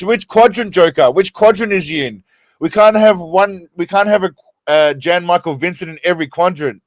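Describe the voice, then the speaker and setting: A man's voice: fairly high pitch, no echo. An Australian man hosting a casual live stream from a small room, rambling and laughing as he thanks his viewers and keeps getting sidetracked.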